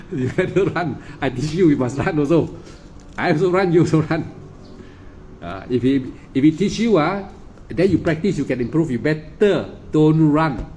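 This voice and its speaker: A man's voice: fairly high pitch, animated, normal speed, warm tone, a little hiss or hum. A man giving an informal dharma talk as a meditation teacher. He fires off rhetorical questions, keeps checking with "right? not?", chuckles often and acts out what other people say.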